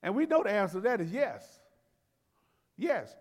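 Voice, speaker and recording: A man with a notably high voice preaches a teaching sermon, talking to the congregation like neighbors. He chuckles, doubles back on his words, then climbs into loud, emphatic exclamations. His voice rings out with a long hall reverb. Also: sing-song, moderate pace. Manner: conversational and folksy, laughs and repeats words. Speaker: pastor. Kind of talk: expository sermon.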